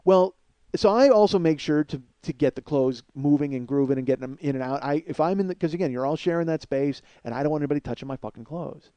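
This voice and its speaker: A middle-aged man hosting a comedy podcast, telling a story in a profane, excitable rant. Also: fairly high pitch, quick pace, clean tone, no room sound, highs cut off.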